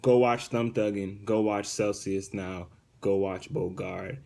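A man's voice: fairly low pitch, steady tone, a little slow, creaky, mellow. A man casually telling fans about his new web series and channel. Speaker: comedian promoting a web series. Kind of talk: casual promo talk.

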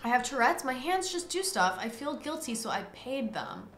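A woman's voice: fairly high pitch, big pitch swings. A woman streaming a courtroom game, playfully judging suspects with theatrical outbursts. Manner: theatrical, quick swings into loud exclamations. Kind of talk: playful gaming commentary. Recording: roomy echo with faint music.

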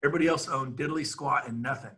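Excitable man pitching over a video call. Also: rapid-fire, breathy edge. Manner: excitable, rambling, laughs at himself. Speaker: real estate team leader.

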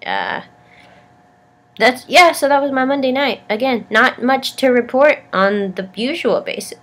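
A woman's voice: sits high, very animated, measured pace, fairly bright tone. A young woman vlogging casually with a sick, congested voice, rambling and stammering, poking fun at herself. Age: young adult. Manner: rambling, self-deprecating, stammers. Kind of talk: casual vlog chat.

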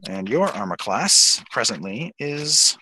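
A man narrating as dungeon master, relaxed and pausing often as he describes the scene and rules. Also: mid-range voice, slight background noise, low-quality recording. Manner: relaxed, with frequent pauses and fillers. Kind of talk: narrating a tabletop game.

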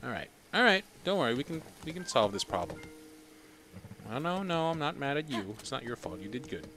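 A man doing live game commentary in a mid-range voice. He chats away to his in-game horse, swinging between soft murmurs and loud sudden outbursts. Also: mid-range voice, very animated, a little fast, soft background music. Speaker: gaming streamer. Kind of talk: live let's-play commentary.

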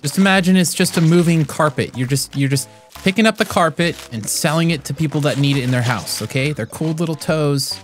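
A man giving comedic gameplay commentary as a YouTuber, goofing around and yelling playful threats at other players. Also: on the high side, fairly quick, faint music behind. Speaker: gaming YouTuber.

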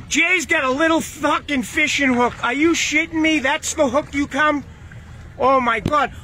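A man with a very high voice gets excited about a catch, pouring out curse words and repeated cries of disbelief as he talks at a slow pace. He records on a handheld phone, with clear engine and water noise around him out on a boat. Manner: excited, swearing constantly, repeated exclamations. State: shaky with excitement. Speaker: fisherman filming his catch. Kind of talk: excited vlog commentary.

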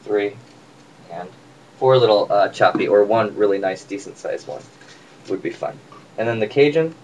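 A man's voice: on the low side, animated, normal speed, darkish tone. Playful man chatting through a cooking video. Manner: chatty and playful, joking asides to viewers. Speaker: home cook vlogger. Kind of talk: casual cooking demonstration. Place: home kitchen. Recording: distant mic with faint room noise.

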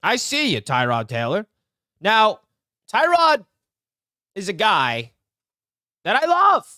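Young male streamer, high voice, dry close sound, hyped and rambling to his chat. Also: wildly swooping pitch, takes it slowly, bright, forceful tone, dry recording. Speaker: live stream host. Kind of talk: excited live-stream sports reaction.

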